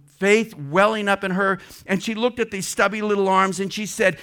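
A man telling a healing testimony in sermon style, rising high and loud when he quotes a prayer. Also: fairly even intonation, fairly quick, hardly any pauses, smooth.

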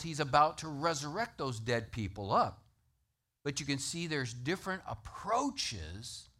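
A man preaching a sermon, emphatic and animated, citing scripture references to the congregation. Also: a little high. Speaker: pastor.

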